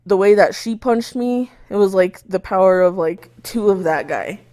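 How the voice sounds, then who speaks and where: A young woman co-hosting a podcast, telling a story in a casual, animated way, swearing often and acting out her own shouts. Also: mid-range voice, normal speed, no room sound, clean studio sound. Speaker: podcast co-host.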